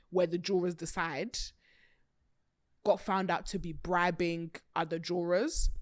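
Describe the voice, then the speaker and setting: A lower-voiced woman hosts a casual podcast chat. She talks in an animated, chatty way, laughing often and swearing freely. Her voice sounds dry and close, with no room around it. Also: no echo. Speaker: podcast host.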